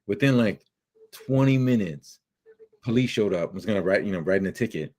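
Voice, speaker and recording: A lively man with a fairly low voice tells a story in a relaxed podcast chat. He jumps into quick impressions of his family as he talks. He sounds like a man in his thirties. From Mexican American family. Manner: animated storyteller, acts out quotes of family members. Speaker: podcast host.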